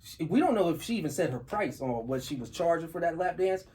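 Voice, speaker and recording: A man's voice: a little high, lively intonation, quick pace, darkish tone. A man hosting a podcast in casual chat, talking in a laid-back, slangy way and laughing through his stories.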